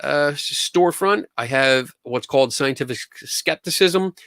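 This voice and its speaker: A man with a mid-range, slightly bright voice talks at a normal pace during a casual live Q&A stream. Upbeat and enthusiastic, he keeps restarting his sentences, and the audio is clean studio sound without echo.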